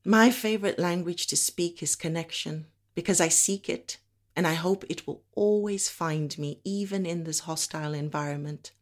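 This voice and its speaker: Woman from africa doing spoken word, lowish voice, slow deliberate pauses. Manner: measured, deliberate delivery with slow emphatic pauses.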